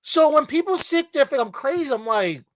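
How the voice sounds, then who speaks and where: A man's voice: extremely high pitch, expressive, normal speed, fairly bright tone, no room sound. A man hosting a podcast, ranting in an emphatic, profane, lecturing way in casual chat. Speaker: podcast host.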